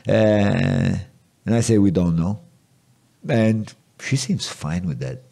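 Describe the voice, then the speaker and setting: A man's voice: fairly low pitch, expressive, slow, warm tone. A man from Malta hosting a podcast, thinking aloud and asking reflective questions in a casual interview. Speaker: podcast host.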